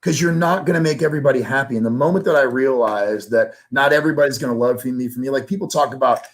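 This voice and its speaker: Emotional man opening up in an interview. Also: quick pace. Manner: earnest, emotional, rises in pitch when moved. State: emotional, near tears. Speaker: interview guest. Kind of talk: candid personal interview.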